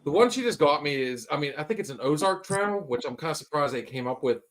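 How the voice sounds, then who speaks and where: A man co-hosting a casual podcast chat, telling stories in an animated way and swearing freely. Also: a little high, fast. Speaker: podcast co-host.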